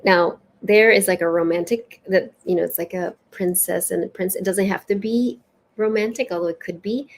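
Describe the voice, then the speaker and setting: A woman hosting a live spiritual session, chatting casually and reading oracle cards aloud in an expressive, lilting way. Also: medium pitch, creaky. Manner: warm, chatty, lilting and expressive, with soft laughs.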